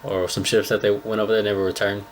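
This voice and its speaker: A young man with a deep, low voice reacts casually to an anime, talking to his viewers in relaxed slang. He sounds a little stuffy this morning, and a faint hiss of noise sits under his voice. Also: quick pace. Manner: laid-back slangy chatter, talks to viewers as bro. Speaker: anime reaction channel host.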